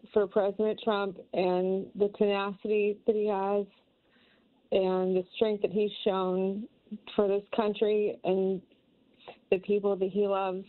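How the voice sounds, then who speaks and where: Tearful woman caller on a tinny phone line. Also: mid-range voice. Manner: emotional, fighting back tears, grateful. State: tearful, choked up. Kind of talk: call-in comment on live TV.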